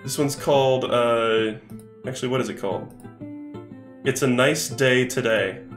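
A man's voice: medium pitch, a little slow, music in the background. A man streaming games live, chatting, thinking aloud and swearing casually as he plays. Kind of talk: live game-stream commentary. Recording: echoey room.

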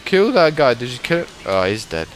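A young man giving excitable live commentary over a shooter game, sometimes swearing at it. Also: medium pitch, fairly quick, a little hiss or hum. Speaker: gaming commentator.

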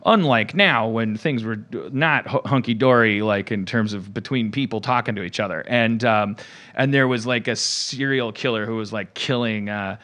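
A man's voice: lowish voice, normal speed, fairly bright tone. A man hosting a podcast in casual comedic chat, rambling with lots of fillers and frequent laughter. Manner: rambling, full of fillers and restarts, laughing often. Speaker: podcast host.

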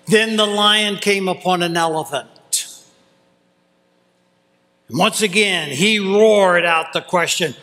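Pastor guy preaching slow and dramatic, bit of a higher voice, long echo in the church. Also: sharp tone. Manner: dramatic, with long pauses for emphasis. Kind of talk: sermon. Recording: long reverb of a church hall.

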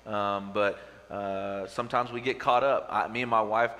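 A male pastor preaches in a bright, forward voice that carries through a church hall with a long reverb tail. He talks to the congregation casually, stumbling over restarts and filling pauses with "uh". He sounds like a man in his thirties. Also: lowish voice, steady tone. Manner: conversational, many "uh" fillers and restarts. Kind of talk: sermon with prayer and storytelling. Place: church sanctuary with a live congregation.

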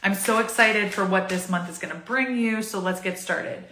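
A bubbly woman in her thirties talks through a casual tarot reading to camera, chatty and quick to laugh. Her voice is bright and forward, and it rings a little in an echoey room. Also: mid-range voice, a little hiss or hum. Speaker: tarot reader.

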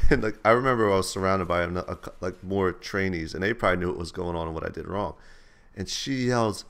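A man's voice: deep voice, quick pace, fairly bright tone, smooth. A man hosting a gaming channel, telling laid-back, slangy stories over gameplay. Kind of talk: casual storytelling over gameplay.

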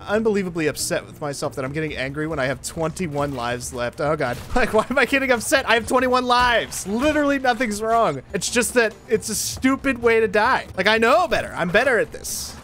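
Guy doing lets play commentary, high pitched, swings all over, yells at the game then laughs at himself. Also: animated, a little fast, few pauses, a little hiss or hum. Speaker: gaming video host. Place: home apartment, seated in a chair.

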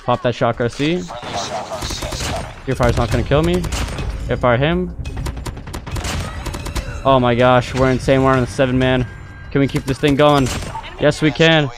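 A young man giving live commentary over his own gameplay, excitable, jumping between loud outbursts and muttered callouts. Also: mid-range voice, measured pace, pauses often. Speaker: gaming YouTuber. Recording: music playing under gunfire.

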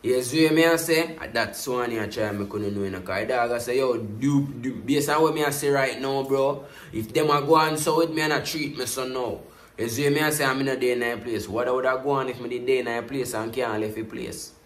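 Speaking in a mid-range voice, a little fast, with a roomy sound, a Jamaican man comments casually on a music video. He uses patois, stays animated throughout, and keeps returning to his catchphrase refrains.

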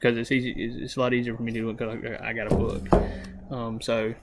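A man with a Southern US accent walks through beginner phrases in an unhurried, informal lesson. His voice stays level and even, with little rise or fall, and he stumbles, restarts and fills gaps with "um" as he goes. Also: medium pitch, over loud music. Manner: halting, many restarts and ums, slow careful phrase repetition. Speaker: language learner vlogger. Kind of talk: casual self-taught language lesson.

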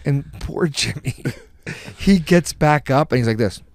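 A man's voice: mid-range voice, animated, a little slow, no echo, studio quality. A middle-aged man, a podcast guest, telling rambling, profane stories in casual chat and laughing as he goes.

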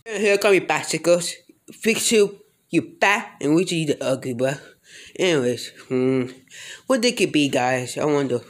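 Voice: medium pitch, expressive, a little slow. A speaker improvising a plush toy role-play in a rambling, mumbly way, full of slang and filler sounds.

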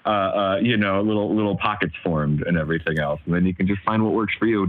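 A man in his thirties talks as a podcast guest, rambling and poking fun at himself. He speaks fast and laughs often. The audio is dull and lo-fi, as if from a basic podcast mic. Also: sits low. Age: 30s. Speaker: podcast guest, comedy writer. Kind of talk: casual podcast chat.

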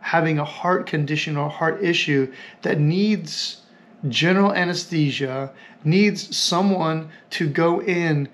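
Man retelling a story, slightly high voice. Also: a bit bright. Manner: halting, repeats phrases while thinking aloud. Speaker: podcast host. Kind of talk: reflective storytelling.

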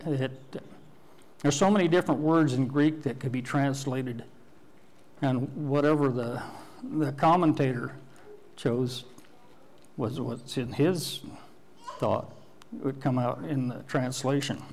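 Slow-speaking older male pastor preaching. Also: medium pitch, a little mellow. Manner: slow, deliberate teaching with pauses and restarts. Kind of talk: sermon. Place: church sanctuary.

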